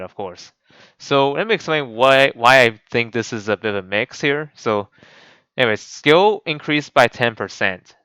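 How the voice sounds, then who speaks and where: A man's voice: mid-range voice, sharp tone, clean tone, no echo, rough recording. A man hosting a gaming channel, giving casual game commentary and rambling with many restarts and fillers. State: voice cracking.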